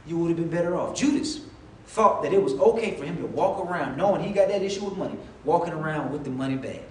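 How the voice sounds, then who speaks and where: A fairly high-voiced man delivering a sermon, talking with his congregation and acting out his characters' lines. He sounds set back from the mic in an echoey room with faint ambience behind him. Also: animated, fast, distant mic, a little hiss or hum. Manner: conversational preaching, acting out quoted voices. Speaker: preacher.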